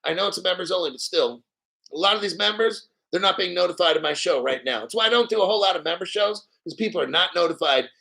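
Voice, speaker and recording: A male crypto livestream host with a high, bright voice who talks in a hyped, profane rush. He stops often to clear his throat. His delivery is excitable and pushy. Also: fast, rough recording. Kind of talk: live-stream commentary.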